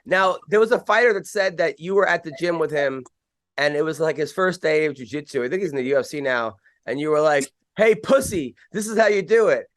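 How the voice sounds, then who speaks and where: A man's voice: fairly high pitch, brisk, a bit bright, no echo, studio quality. A man hosting a podcast, asking rambling, joking questions with frequent restarts. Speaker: podcast host. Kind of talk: casual podcast interview.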